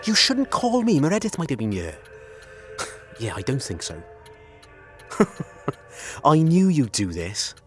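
A man's voice: medium pitch, wildly swooping pitch, slow, long pauses, over music. An actor in his thirties playing a weary married man, dry and reluctant, in an audio drama. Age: 30s.

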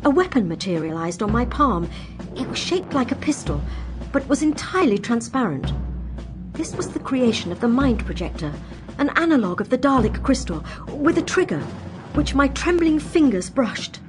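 A woman narrating an audio drama in the first person as a frightened but defiant young female companion, telling it in an earnest, expressive way. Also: high-pitched, moderate pace, music in the background.

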